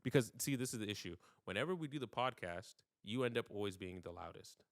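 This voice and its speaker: A man's voice: lowish voice, lively intonation, fast talker. A young man hosting a podcast in casual chat, blunt, teasing and profane. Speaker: podcast host.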